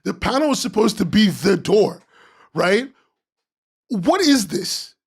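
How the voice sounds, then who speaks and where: A man's voice: high-pitched, very animated, takes it slowly, gravelly, breathy edge. A man hosting a webcomics podcast, ranting sarcastically as he critiques comic pages, swearing and laughing.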